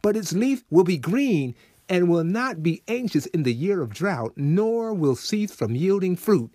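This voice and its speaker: Animated preaching man, dry close sound. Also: sits high, measured pace, dry recording. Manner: animated, swings from soft to emphatic, acts out quoted people. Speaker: host of a short devotional program. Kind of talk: preaching devotional talk.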